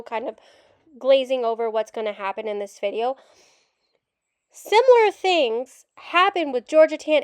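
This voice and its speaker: A woman's voice: high-pitched, no room sound. A woman adoptee commentator reacting to a documentary, ranting in frustration and swearing openly. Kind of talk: reaction rant video.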